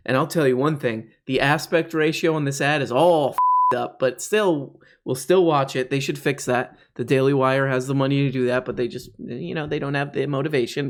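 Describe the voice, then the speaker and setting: A man hosting satirical commentary on video clips. He rambles sarcastically and now and then breaks into shrill mock outbursts. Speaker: comedy commentary host.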